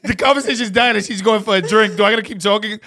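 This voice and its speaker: A man hosting a podcast, telling stories in playful, animated casual banter. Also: sits high, fast talker. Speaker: podcast host.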